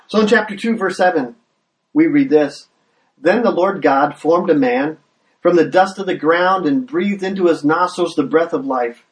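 A man's voice: fairly high pitch, normal speed, far from the mic, rough recording. A man preaching a sermon as a pastor, earnest and often repeating the first words of a phrase, building energy with questions.

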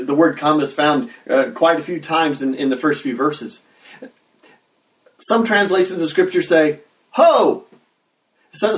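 A man preaching a sermon as pastor, talking conversationally and breaking into loud acted exclamations. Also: fairly high pitch. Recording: roomy sound, mic at a distance.

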